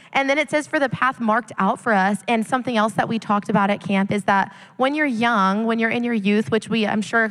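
A woman's voice: a little high, fairly bright tone. A woman youth leader sharing passionately and emphatically on a live church panel. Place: church sanctuary, live service. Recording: long church hall reverb.

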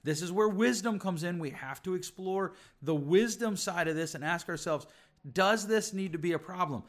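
A middle-aged man with a somewhat high voice, hosting a podcast on relationships. He teaches emphatically, stacking repeated phrases and rhetorical questions as he makes his points. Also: normal speed. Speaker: podcast host, relationship speaker.

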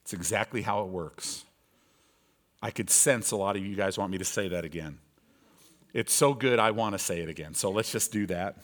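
A man preaching with emphatic, repetitive phrasing. He drops soft and then climbs to raised, urgent passages, a pulpit sermon delivery. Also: medium pitch. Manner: emphatic, repetitive, swings between soft and loud.

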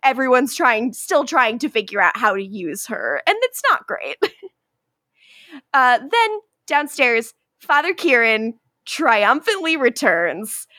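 A woman co-hosting a casual podcast, recapping a show with lots of laughter, swearing and quick acted-out character lines. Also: a little high, sing-song, pushed and bright, dry recording. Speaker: podcast co-host recapping a TV episode. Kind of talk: casual chat.

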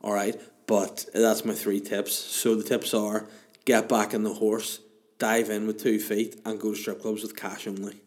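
A man's voice: lowish voice, level tone, measured pace. A man, hosting a casual chat show and answering listener questions in a rambling, crude, self-mocking way.

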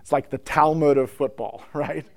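Man telling a story to church musicians, slightly high voice. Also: moderate pace, gravelly, no echo. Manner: storytelling, frequent asides, builds up excitement. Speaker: speaker addressing church musicians. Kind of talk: conversational teaching talk. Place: indoor room with a whiteboard.

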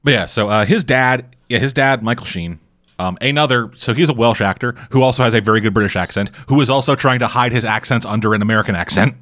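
A man chats loosely about a TV show, cursing freely as he wanders through tangents. His voice sits at a middle pitch and is recorded dry, with no room sound. He comes across as a podcast co-host mid-recap. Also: fast, fairly bright tone, no room sound. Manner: profane, rambling storyteller. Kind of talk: casual chat recapping a TV show.

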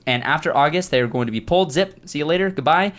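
A man's voice: on the high side, fast talker, fairly bright tone. A man hosting a podcast, making loose, upbeat announcements with playful asides. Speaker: podcast host. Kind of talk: casual show announcements.

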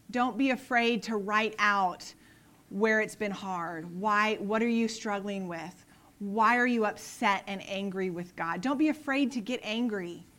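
A woman preaching a sermon in an earnest way, moving between soft, quiet lines and emphatic ones, and closing in prayer. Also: medium pitch. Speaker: pastor.

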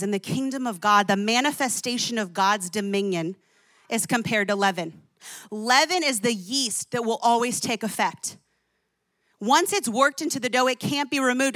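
A woman's voice: a little high, sharp tone, no room sound. A woman in her thirties preaching a sermon, telling stories with emphatic, exclamatory delivery. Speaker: pastor.

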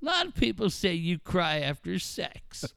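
A man on a casual talk show, trading crude banter and mocking impressions, loud and animated. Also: high-pitched, a little slow, gravelly, clean tone, no room sound, studio quality. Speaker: co-host.

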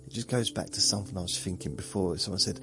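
A man's voice: deep voice, quick pace, over music. A man hosting a sleep podcast, meandering through a rambling monologue and chuckling at himself. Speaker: podcast host.

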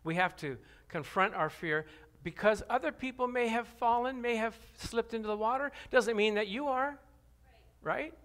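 A man preaching a sermon, animated and lively. His voice sits high and sounds bright and forceful. He swings from low, quiet scripture reading to loud cries, and keeps asking questions of the congregation. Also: normal speed. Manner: animated, laughs often, calls out to the congregation. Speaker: pastor.

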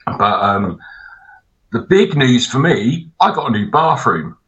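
Sweary bright-voiced man. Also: medium pitch, slow pace, muffled recording. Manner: sweary, animated storyteller. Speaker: podcast co-host. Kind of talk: casual chat.

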